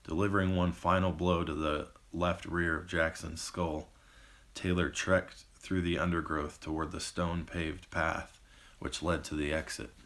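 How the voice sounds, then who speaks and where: A man, the author, reading his own novel as measured audiobook narration. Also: low-pitched, flat delivery, fairly bright tone. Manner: measured storytelling.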